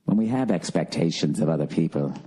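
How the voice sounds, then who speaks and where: A man voicing a gentle male meditation guide with a British accent, speaking slowly and soothingly. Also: very deep voice, animated, breathy edge, voice pushed down, exaggerated voice.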